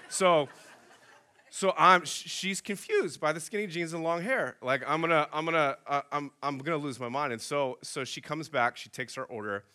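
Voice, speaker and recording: A man in his thirties, a pastor, telling a story in a sermon and acting out the dialogue. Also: on the high side. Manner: animated storyteller acting out both sides of a dialogue.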